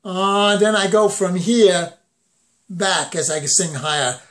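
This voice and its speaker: A man's voice: high-pitched, slow pace, fairly bright tone. A man giving a voice lesson, explaining where he places the sound and breaking into sung phrases to demonstrate. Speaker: voice teacher.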